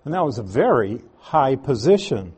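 A man's voice: mid-range voice, big pitch swings, moderate pace, a little mellow, slightly rough. A man as pastor, teaching an evening Bible study sermon in a conversational way with frequent asides.

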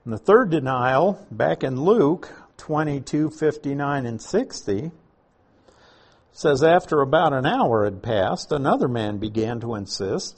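A man delivering a Bible-teaching sermon at an unhurried, deliberate pace. His voice has a husky edge and sits in an ordinary middle register. He reads passages aloud and then unpacks them with rhetorical questions. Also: medium pitch, expressive. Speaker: pastor teaching scripture. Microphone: uses slides while speaking to a congregation.

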